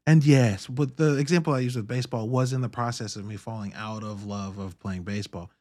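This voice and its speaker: A man in his thirties hosting a podcast, talking in a candid, profane, animated monologue. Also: fairly low pitch, fairly quick. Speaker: podcast host. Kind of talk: casual monologue.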